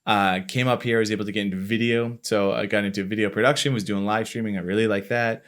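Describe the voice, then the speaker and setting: Guy from florida in his 30s, slightly low voice, rambly and jokey about himself, casual interview chat. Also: fairly even intonation, quick pace, a bit bright. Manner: rambling, self-mocking, acts out his own past thoughts. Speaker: podcast host, company marketing lead.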